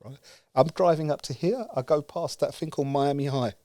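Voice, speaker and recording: A man from the UK telling a story with lively energy, acting out the dialogue and laughing as he goes. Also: fairly high pitch, fairly quick, no echo, studio quality. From United Kingdom. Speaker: guest speaker. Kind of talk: animated storytelling.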